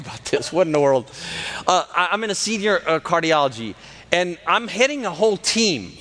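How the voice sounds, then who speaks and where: A man in his thirties, a cardiologist and guest speaker at a church, telling an excitable testimony sermon, acting out dialogue and laughing mid-sentence. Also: a little high.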